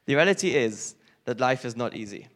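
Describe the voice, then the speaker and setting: A man's voice: medium pitch, expressive, fairly quick, fairly bright tone. Young male speaker, earnest church testimony, mid-range voice. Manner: earnest, rises with emotion on key points. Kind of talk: personal testimony sermon.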